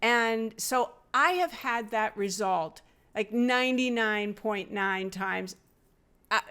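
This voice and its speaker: A woman's voice: mid-range voice, takes it slowly, clean tone. A middle-aged woman, the host's mother, telling a personal story in a casual podcast conversation, with fillers and restarts. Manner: warm anecdotal telling with many fillers and restarts.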